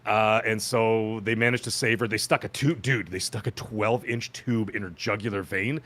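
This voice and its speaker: A man hosting a podcast, telling a long personal story in casual chat and acting out the people he quotes. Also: normal speed. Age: adult with children. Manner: animated, acts out quoted voices with pitch jumps. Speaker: podcast host.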